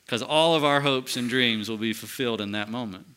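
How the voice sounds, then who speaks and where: A man teaching scripture to a small group, his voice bright and cleanly focused. He talks conversationally, stopping to quiz the listeners and warmly confirming their replies. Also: medium pitch, brisk, clear, resonant tone. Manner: asks the group questions and affirms answers; conversational with restarts. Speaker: pastor teaching a Bible study. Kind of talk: interactive Bible teaching.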